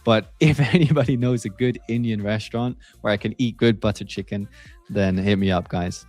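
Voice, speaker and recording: A man's voice: lowish voice, normal speed, no echo, faint music behind. A man whose first language is Portuguese, chatting casually and laughing as he hosts a livestream. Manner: relaxed, chatty, laughs often, many fillers. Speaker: stream host.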